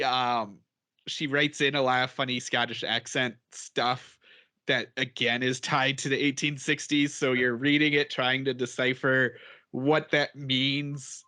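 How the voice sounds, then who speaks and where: A man with a bright, forceful voice chatting casually on a podcast. He rambles and chuckles often as he talks things through. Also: medium pitch. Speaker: podcast co-host. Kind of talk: casual chat.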